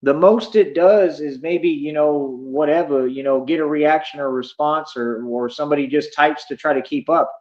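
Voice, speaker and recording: Streamer, man, fairly high voice, cocky and confrontational, muffled lo-fi audio. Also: steady tone, normal speed, hardly any pauses, darkish tone. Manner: boastful, confrontational, slangy. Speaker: livestreamer. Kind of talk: livestream rant at chat.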